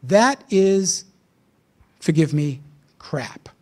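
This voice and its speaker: A man's voice: on the high side, expressive, extremely slow, darkish tone. A man giving a blunt, provocative conference talk with sardonic asides. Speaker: invited speaker.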